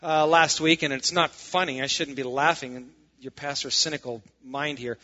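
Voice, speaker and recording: A man's voice: on the high side, steady tone, normal speed, bright, forceful tone, highs cut off. A man preaching as a pastor, reading scripture aloud and adding sarcastic, emphatic asides. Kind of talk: sermon.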